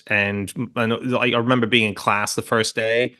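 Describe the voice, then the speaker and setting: A man's voice: mid-range voice, fairly quick, few pauses, pushed and bright. A man in his late thirties from Hong Kong, a podcast guest telling long stories in casual chat, with many restarts and asides. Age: late 30s. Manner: rambling, self-interrupting storyteller.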